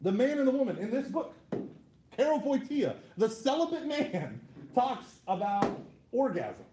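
A man in his thirties giving a lively, joking talk to a live audience as a Catholic speaker, with frequent "right?" asides. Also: very high-pitched, moderate pace, echoey room, background noise.

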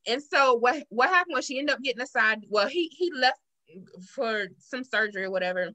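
A woman's voice: sits high, fairly quick, poor audio. A woman podcast host in casual chat, retelling a show and acting out the quotes. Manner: animated storyteller, acts out quotes.

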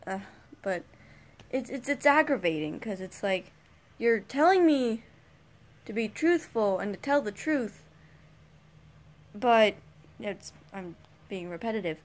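Slow-talking exasperated teenage girl. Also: mid-range voice, animated. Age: teens. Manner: rambling, sighing, exasperated complaining. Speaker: YouTube vlogger. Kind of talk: casual rant to camera.

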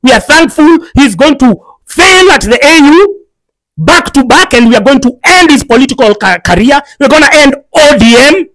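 A woman with a Kenyan accent, her voice set high, tears into her target in a furious, profane political rant. The sound is dry and close, with no room around it. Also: animated, moderate pace, a bit bright, no room sound, poor audio. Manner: furious, insulting, profane, mixes English and Swahili.

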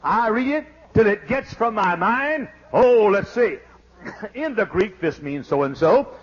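A man preaching a fiery sermon as pastor, exclaiming and shouting praise. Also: high voice, lively intonation, slow pace, breathy edge. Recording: dull lo-fi archive sermon tape.

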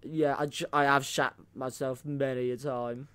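A man's voice: medium pitch, little pitch movement, normal speed, fairly bright tone, smooth, natural voice. A man playing a defensive, whiny 1600s plotter in an improvised comedy sketch, swearing and protesting his innocence. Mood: aggrieved. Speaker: guest playing a historical figure.

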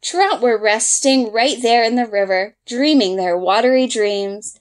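A woman reading a picture book aloud at an unhurried pace. Her voice sits a little high and she acts out playful sound effects along the way. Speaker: storyteller.

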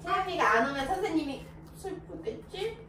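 A woman's voice: very high-pitched, rapid-fire, fairly bright tone. A young woman teaching English to kindergarten children, playful and acting out emotions with an exaggerated voice. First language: Korean. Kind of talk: animated classroom teaching. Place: classroom with small children. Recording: echoey room, voice from a distance, faint noise.

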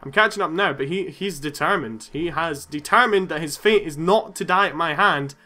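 A young man giving excitable let's-play commentary, swearing and yelling at the game. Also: fairly high pitch, normal speed, soft background music. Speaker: gaming YouTuber.

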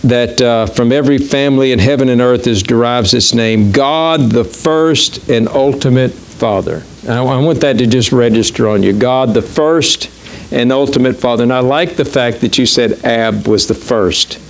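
A middle-aged man preaching a sermon as pastor in a church, talking conversationally and haltingly with many fillers and restarts. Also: mid-range voice.

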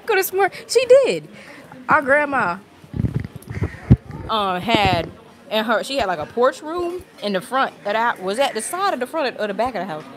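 A woman with a highish voice and big pitch swings talks fairly quickly on a casual livestream from an outdoor restaurant patio, with background noise and a crowd of people behind her. Slightly out of breath, she rambles chattily into a handheld phone mic, laughing often.

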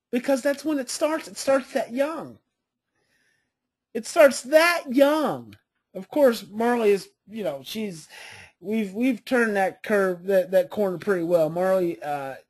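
A woman's voice: medium pitch, darkish tone, slightly rough. A woman giving a parenting coaching class, telling family stories and hammering points home by repeating them. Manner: storytelling with family anecdotes, emphatic repetition.

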